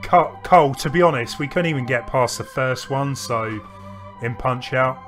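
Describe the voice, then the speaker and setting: A man's voice: mid-range voice, moderate pace, a bit bright, faint music behind. A man co-hosting a game stream, chatting casually and rambling with restarts while he plays. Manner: rambling, with frequent restarts and laughs. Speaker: streamer co-host. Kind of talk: casual chat while playing games.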